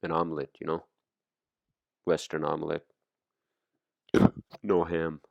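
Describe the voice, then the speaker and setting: Deep gravelly man rambling casually. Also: completely flat delivery, slow, darkish tone, dry recording. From immigrant to the US. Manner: rambling, profane, many fillers. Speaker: podcast host. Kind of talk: casual monologue.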